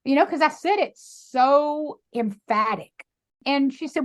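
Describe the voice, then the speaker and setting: Emphatic, animated woman with a Texan drawl. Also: sits high, measured pace. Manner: animated, emphatic, acts out quoted voices. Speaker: guest, sanctuary founder. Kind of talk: emotional storytelling interview.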